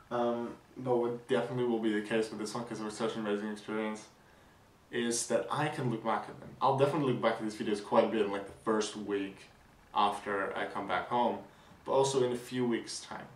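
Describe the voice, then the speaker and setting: A young man vlogging a casual weekend recap, rambling with fillers and restarts, excited. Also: lowish voice, echoey room, recorded from a distance, poor audio.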